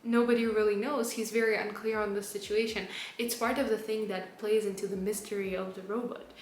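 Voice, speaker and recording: A woman's voice: medium pitch, flat delivery, brisk. A woman giving an earnest, reflective spoken analysis of a poem as a literature tutor, reading quotations aloud along the way. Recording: roomy, with faint background noise.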